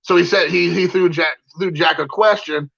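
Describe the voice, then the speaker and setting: A man's voice: sits high, steady tone, normal speed, vocal fry, fairly bright tone, lo-fi sound. A man giving a heated, rambling opinion rant, repeating himself and leaning on fillers. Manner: heated, repetitive, many fillers. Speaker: card collector vlogger.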